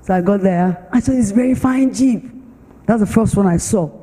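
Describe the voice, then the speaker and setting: A woman's voice: mid-range voice, moderate pace, husky. Nigerian woman preaching in a reverberant hall. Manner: animated storytelling, acts out other voices. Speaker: pastor. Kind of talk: sermon with personal testimony. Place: church hall. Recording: long church-hall reverb.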